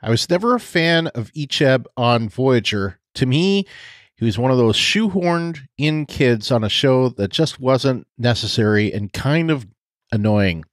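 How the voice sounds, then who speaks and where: A man's voice: medium pitch, lively intonation, measured pace, no room sound, clean studio sound. A man co-hosting a podcast, chatting casually, laughing often and trailing off with fillers. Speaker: podcast co-host.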